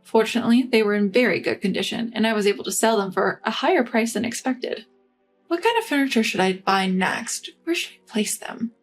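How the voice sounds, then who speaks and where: A woman narrating a scripted first-person story in an even, composed way. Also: on the high side, fairly quick, soft background music.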